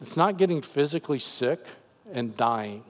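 A man's voice: mid-range voice, lively intonation, normal speed, big-room sound. A man preaching as pastor, earnestly explaining scripture in a conversational voice. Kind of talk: sermon. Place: church sanctuary.

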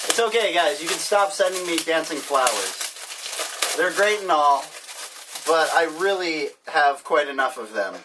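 A man hosting a casual mail-opening vlog, joking and rambling sarcastically as he opens packages. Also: on the high side. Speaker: vlogger. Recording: distant mic, faint hiss.

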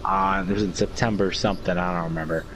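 A man's voice: low voice, fairly even intonation, quick pace, background noise. A young man, co-hosting a casual podcast, rambling through his own stories with many fillers. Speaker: podcast co-host. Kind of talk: casual storytelling chat.

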